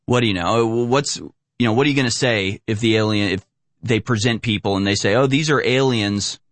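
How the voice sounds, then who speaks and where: A man's voice: fairly low pitch, fairly quick, a bit bright, no echo. Guy ranting loosely about clips, sarcastic, dry sound. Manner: rambling, hesitant, sarcastic. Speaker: commentator. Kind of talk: casual commentary.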